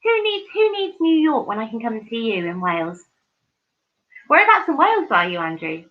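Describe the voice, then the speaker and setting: A woman hosts a live stream, chatting casually and effusively with viewers and reading their comments aloud with many ums and restarts. Her fairly high voice is sing-song and brisk, and the stream audio is dull and lo-fi.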